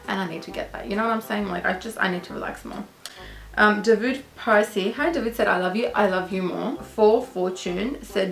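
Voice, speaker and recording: A young woman with an Australian accent chats through a casual question-and-answer vlog, gushing and affectionate toward her viewers. Her voice has a gravelly edge of vocal fry. It sounds roomy and echoey, with soft music underneath. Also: mid-range voice. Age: young adult. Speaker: vlogger. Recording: echoey room with faint music.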